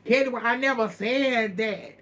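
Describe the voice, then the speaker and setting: A man's voice: extremely high pitch, measured pace, a bit bright. A man giving a casual, profane recap of a reality TV episode, laughing often as he talks. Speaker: reaction vlogger.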